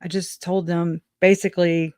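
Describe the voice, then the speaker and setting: A speaker on a casual livestream who talks in a halting, reflective way, often restarting sentences and laughing softly. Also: medium pitch, flat delivery, smooth, dry recording, clean studio sound.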